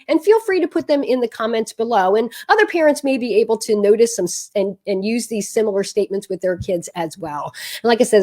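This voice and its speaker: A woman's voice: mid-range voice, a little mellow. A woman parenting coach giving earnest, conversational advice straight to camera, with frequent fillers and restarts. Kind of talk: direct-to-camera advice talk.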